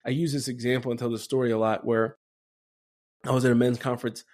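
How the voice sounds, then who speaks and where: A man hosting a spiritual podcast in a relaxed, conversational way. His voice sits at a middle pitch, and he keeps checking in with his listeners by asking "right?". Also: quick pace. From Denver area, USA. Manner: casual, conversational, many "right?" tags. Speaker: podcast host. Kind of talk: Catholic reflection podcast.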